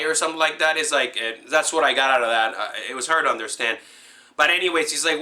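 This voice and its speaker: A man excitedly recapping a movie scene in a rambling, casual way, full of fillers and restarts. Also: medium pitch, a little fast. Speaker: movie fan recapping a film.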